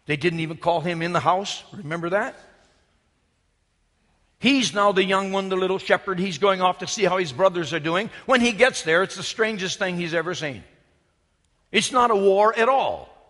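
A man's voice: high voice, expressive, moderate pace, long reverb tail. A man preaching an emphatic, storytelling sermon in a church sanctuary. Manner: emphatic, storytelling, shifts from loud to hushed.

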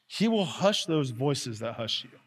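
A male pastor preaching from the front of a church, his voice sitting in a middle register. He talks earnestly, slowing down and going quiet, then lifting to loud calls. A long hall reverb trails after every line. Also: medium pitch, sing-song, breathy edge. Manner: earnest preaching, swings between soft and loud. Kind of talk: sermon. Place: church sanctuary.

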